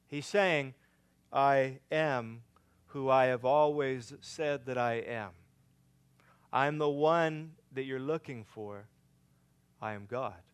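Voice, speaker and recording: A man preaching a sermon, swinging between loud emphatic lines and quiet hushed ones. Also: fairly high pitch, smooth. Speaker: pastor.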